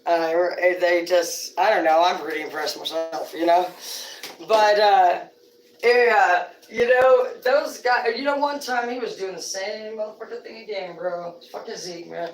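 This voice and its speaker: Speaking at a measured pace in a voice on the low side, a livestream host rambles through stories laced with swearing. A distant mic gives a roomy sound with slight hiss or hum.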